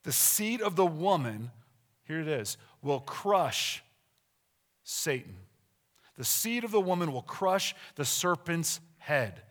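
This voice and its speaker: Middle-aged male preacher, bright and slightly high voice, emphatic and conversational, asks the audience questions. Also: very animated, takes it slowly. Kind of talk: sermon.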